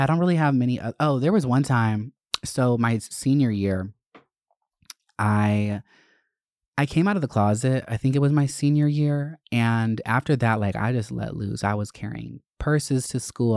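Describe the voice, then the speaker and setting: A young adult vlogger telling a school story in a profane, animated, gossipy way. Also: mid-range voice, vocal fry, dry recording, clean studio sound. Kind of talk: casual storytelling.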